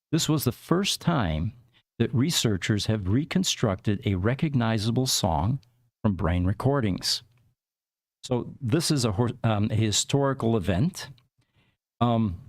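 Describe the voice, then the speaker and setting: A man's voice: mid-range voice, dry recording, clean studio sound. A man hosting a podcast, explaining tech news in a rambling, casual way with many fillers. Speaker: podcast host.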